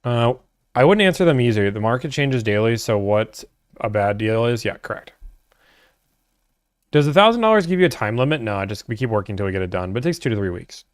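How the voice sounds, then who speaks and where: A man's voice: medium pitch, animated, brisk, no room sound, clean studio sound. Laid-back man chatting to a livestream. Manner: laid-back, chatty, answers chat questions. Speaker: livestream host answering chat. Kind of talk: casual livestream chat.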